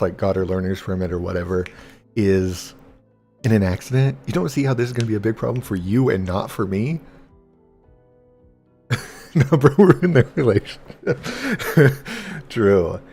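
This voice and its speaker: A man's voice: fairly low pitch, warm tone. A young man casually telling a rambling, profane story while gaming, full of fillers. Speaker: gaming streamer.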